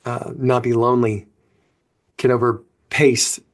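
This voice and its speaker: A man hosting an interview, asking questions in a halting way and repeating words as he goes. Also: mid-range voice, level tone. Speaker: host.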